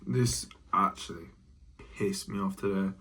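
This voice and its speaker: A man's voice: low voice, measured pace, fairly bright tone, far from the mic. A young man giving live trading commentary, swearing often and growing frustrated. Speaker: trading vlogger. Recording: roomy, off-mic echo.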